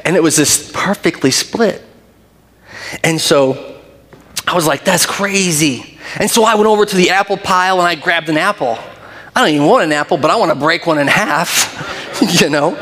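A man's voice: on the high side, normal speed, fairly bright tone. A middle-aged man giving a sermon as pastor, telling a funny family story with laughter and then leading a prayer. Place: church sanctuary. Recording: reverberant hall.

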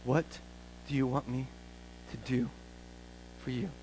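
A man voicing a gentle male teacher who asks a question slowly and softly. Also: mid-range voice, steady tone, music in the background, voice pushed down, rough recording.

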